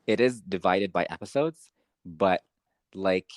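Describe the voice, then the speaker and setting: A young man co-hosting a podcast, talking casually with lots of fillers, rambling and getting excited. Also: low-pitched, a little slow, no room sound. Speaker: podcast co-host. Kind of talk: casual chat.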